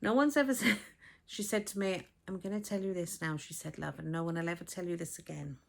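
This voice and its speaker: A blunt, chatty woman in her fifties makes a casual vlog at home, filmed by a camera on a tripod while a dog barks next door. Her voice is fairly low and brisk with vocal fry, and she's frank, swears freely and acts out conversations.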